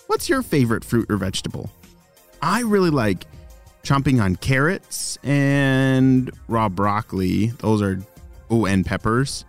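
A man's voice: mid-range voice, big pitch swings, unhurried, soft background music. A man hosting a children's podcast, narrating a story in a chatty way and talking directly to young listeners. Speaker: storyteller and host of kids' podcast.

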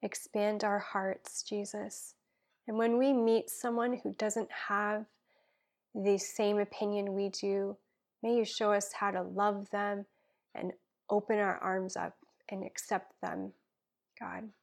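A woman with a gravelly, creaky edge to her voice speaks slowly and earnestly. Her prayer and thanks come soft-spoken, often sinking to a whisper, and she is openly moved. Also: medium pitch, little pitch movement. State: tearful and emotional. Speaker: podcast guest, children's pastor. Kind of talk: spoken prayer and heartfelt chat.

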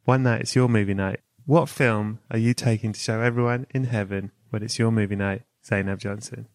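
A podcast host chats casually with his guest, spinning a long, playful, whimsical tale with comic flair. His voice is on the low side with a steady tone, a little fast, and the recording has no room sound.

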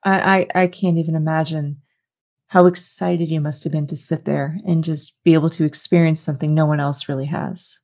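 A woman hosting an interview, asking questions in a hesitant, gentle way. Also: low voice, steady tone, normal speed. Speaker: podcast host. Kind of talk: conversational interview.

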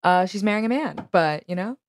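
A woman's voice: mid-range voice, lively intonation, a little fast. A young woman, a podcast producer co-hosting, chatting casually with frequent giggles and self-deprecating asides. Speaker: podcast producer and guest co-host. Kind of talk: casual comedic chat.

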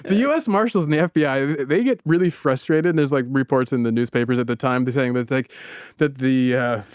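A man hosting a podcast, telling a story in casual chat, animated and laughing often. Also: mid-range voice, brisk, smooth, no echo. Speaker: podcast host.

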